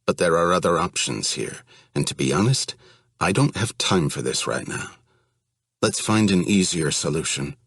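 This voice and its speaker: A man voicing a calm, unflappable man who speaks in a level, measured way. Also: low voice, gravelly, breathy edge, no echo, clean studio sound, heavily acted. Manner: level, measured, matter-of-fact.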